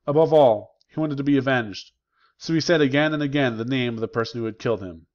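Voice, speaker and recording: Man reading a novel aloud, measured. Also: mid-range voice, highs cut off. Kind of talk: audiobook narration.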